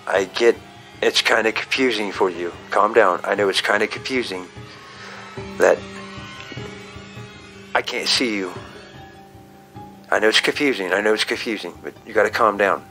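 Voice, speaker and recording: A man's voice: fairly low pitch, moderate pace, long pauses, pushed and bright, faint music behind. A man talking casually to his viewers and pleading with a spirit at home, repeating himself often. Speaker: paranormal investigator. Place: at home indoors.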